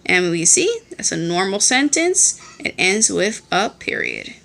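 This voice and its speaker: A woman's voice: medium pitch, big pitch swings, a little slow, vocal fry, fairly bright tone. A woman teacher giving a recorded lesson on her phone, explaining step by step and checking in often. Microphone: phone held in hand.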